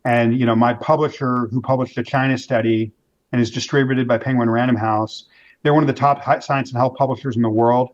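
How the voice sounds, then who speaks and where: Male interview guest, animated storyteller, mid pitch, muffled lo-fi audio. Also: a little fast. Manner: animated storyteller, acts out quoted voices, many restarts. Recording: dull lo-fi sound.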